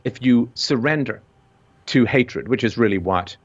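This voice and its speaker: A man in an impassioned discussion, talking intensely and building to loud, emphatic peaks. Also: mid-range voice, lively intonation, unhurried. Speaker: guest commentator. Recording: dull lo-fi audio.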